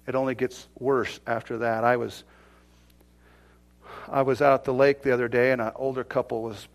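Preaching conversationally, this middle-aged pastor swings from near whispers up to loud exclamations. He speaks at normal speed with a medium-pitched, level-toned male voice.

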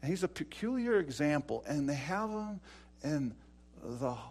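A middle-aged man preaching a sermon, telling stories and acting out dialogue, swinging between loud bursts and quiet stretches. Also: a little high, very animated, unhurried. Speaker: pastor.

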